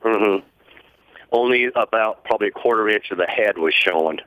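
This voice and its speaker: A man's voice: lowish voice, fairly quick, highs cut off. A man calling in to a radio show, telling a story in a matter-of-fact way over the phone. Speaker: caller.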